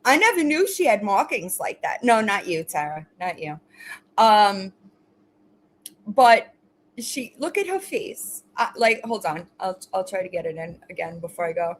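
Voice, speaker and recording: A woman's voice: mid-range voice, very animated, a little slow, a little hiss or hum, poor audio. A woman hosting a casual livestream, talking straight to her viewers. She mocks her commenters bluntly and swears freely, then coos at her pets. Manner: blunt, mocking, profane toward commenters; gushing baby talk to pets. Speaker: livestream host.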